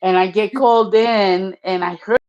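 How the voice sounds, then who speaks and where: A woman's voice: medium pitch, normal speed, highs cut off. Profane older woman spinning a story. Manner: profane, animated, acts out voices in her story. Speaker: storyteller guest. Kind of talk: casual anecdote telling.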